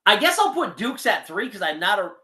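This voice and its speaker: A man's voice: sits high, big pitch swings, fairly quick, pushed and bright. A man co-hosting a casual sports podcast, joking and laughing as he banters about food and football. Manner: joking, laughing often, playful rants. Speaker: podcast co-host.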